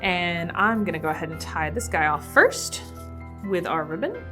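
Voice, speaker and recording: A woman's voice: lowish voice, big pitch swings, normal speed. A woman presenting a library teen craft tutorial, explaining each step in a friendly, casual way. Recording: soft background piano music.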